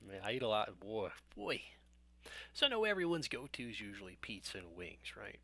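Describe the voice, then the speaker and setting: A man's voice: fairly low pitch, big pitch swings, a little fast, fairly bright tone, dry recording. A young man hosting a live stream, chatting casually with viewers in a rambling, self-joking way.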